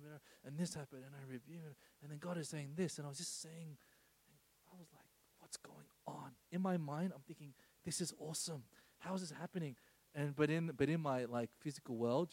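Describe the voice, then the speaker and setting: A man's voice: mid-range voice, no echo, low-quality recording. A man preaching an informal sermon, telling a personal story with many asides and tag questions like "okay?".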